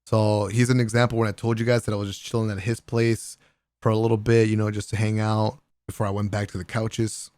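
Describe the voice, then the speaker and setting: A gaming content creator telling a casual vlog story about a party, excitable and profane, often laughing and using slang. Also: male voice, on the low side, a little fast, no room sound.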